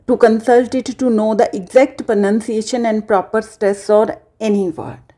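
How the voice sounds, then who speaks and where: A woman from India with an Indian English accent, lecturing students slowly and deliberately on literary terms. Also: mid-range voice, mellow. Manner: slow, deliberate explanation with emphasized words.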